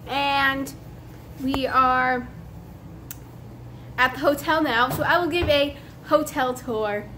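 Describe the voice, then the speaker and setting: A woman's voice: high voice, steady tone, slow, sharp tone, slight background noise. A woman chatting in a casual travel vlog, upbeat and self-deprecating, filming with a handheld camera. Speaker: vlogger. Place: hotel suite and outdoors.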